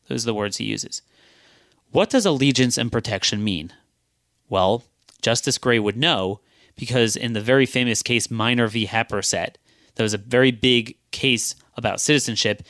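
A man's voice: mid-range voice, moderate pace, fairly bright tone, no echo. Emphatic man making a podcast argument, dry sound. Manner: emphatic, argumentative, reads out legal quotes. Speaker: podcast host. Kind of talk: solo podcast commentary.

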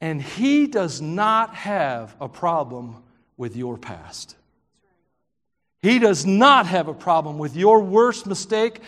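High-voiced Southern preacher in a reverberant hall. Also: male voice. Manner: animated, joking storyteller who bursts into shouts. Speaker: pastor. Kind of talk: sermon.

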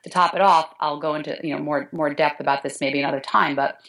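A woman's voice: low-pitched, steady tone, quick pace, a bit bright, rough recording. A middle-aged woman, a dance teacher, talking earnestly and emotionally in an interview, often restarting her sentences.

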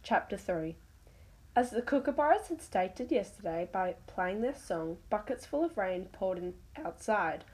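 A woman's voice: mid-range voice, lively intonation, unhurried, a little mellow, low-quality recording. A woman reading her own animal story aloud, stumbling over words now and then.

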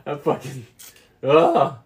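A man's voice: on the high side, extremely slow. Man, podcast co-host, casual profane chat, sarcastic rants. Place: Newport, Kentucky area.

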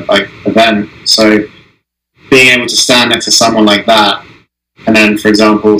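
A young man being interviewed, talking casually with many restarts and pauses. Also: fairly low pitch, sharp tone, slight background noise, poor audio. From Israel. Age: young adult. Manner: halting, many restarts and "I mean". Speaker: guest, Olympic alpine skier.

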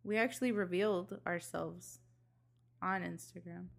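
A young woman co-hosting a podcast, chatting casually and telling stories with excitement and frequent swearing. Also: on the low side, measured pace, gravelly. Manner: excited, swears freely, storytelling. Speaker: podcast co-host. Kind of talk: casual chat.

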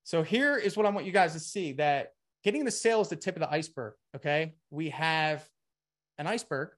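A man's voice: fairly high pitch, expressive, fairly quick, fairly bright tone. A man giving a live webinar sales presentation, talking energetically and a bit winded, often saying "okay" and "guys".

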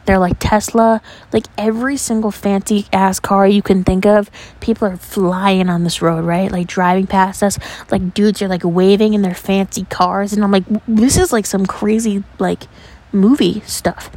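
A young woman from New York, a podcast host, telling stories in a chatty, animated way, full of "like" and casual swearing. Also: mid-range voice, normal speed. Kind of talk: casual storytelling.

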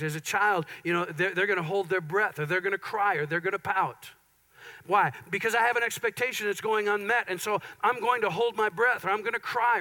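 A pastor preaching a conversational sermon, with playful asides and an Upper Midwest American accent. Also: male voice, sits high, bright, forceful tone, low-quality recording.

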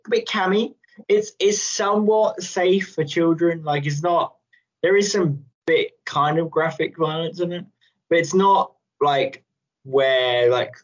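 A man chatting casually on a podcast, rambling and playful, often laughing. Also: a little high. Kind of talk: casual chat. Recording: dull lo-fi sound.

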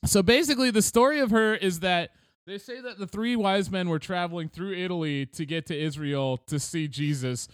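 A man's voice: high-pitched, moderate pace, dry recording, studio quality. A man co-hosting a casual comedy chat, retelling a legend with goofy voices for its characters and laughing often. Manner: storytelling with silly put-on quotes, laughs often. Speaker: podcast co-host.

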